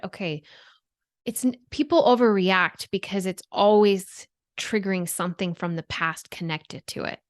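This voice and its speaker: A woman's voice: mid-range voice, dry recording, clean studio sound. A woman in her thirties, a guest expert on a podcast, explaining in an earnest way and often checking in with "right?". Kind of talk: podcast interview.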